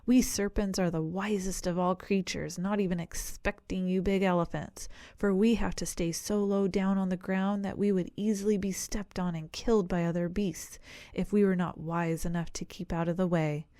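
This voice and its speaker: A woman voicing a wise, polite female snake in a storybook with a high, hissing delivery. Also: steady tone, moderate pace, mellow, no room sound, studio quality, natural voice. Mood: sly, knowing.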